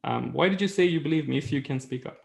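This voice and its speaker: A man's voice: a little high, fast, vocal fry. A man presenting a webinar in a conversational way, with fillers and rhetorical questions.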